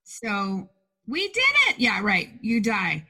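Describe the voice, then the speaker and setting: A woman's voice: medium pitch, big pitch swings, slow pace, sharp tone, husky. A woman co-hosting a podcast over a video call, bubbly and upbeat as she wraps up the show. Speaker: podcast co-host. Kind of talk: casual podcast with a scripted sign-off.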